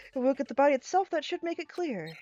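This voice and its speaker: A woman's voice: high-pitched, dark tone, no echo, dull audio. A woman streamer giving casual, exasperated commentary on a game, laughing and swearing often. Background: faint game music.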